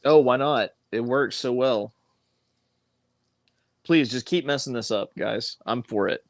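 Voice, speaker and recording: Male livestream host, mid-pitched, jokey banter, dry close recording. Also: no room sound. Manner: joking, quick to laugh. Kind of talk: casual sports-watching banter. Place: home garage.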